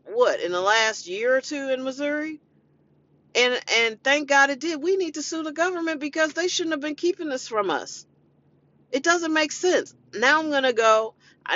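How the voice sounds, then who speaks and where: Woman host, raw personal rant; blunt and profane, bright edgy tone, dull lo-fi sound. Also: high-pitched. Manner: blunt, emotional, profane venting. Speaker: podcast host and family caregiver. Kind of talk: impassioned personal monologue. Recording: dull lo-fi recording.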